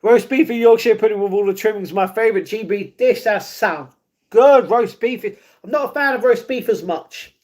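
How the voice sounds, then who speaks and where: Guy live streaming, high voice, chatty, laughs a lot and mumbles off at the ends. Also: moderate pace. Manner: chatty, laughs often, trails off quietly. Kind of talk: casual live-stream chat reading.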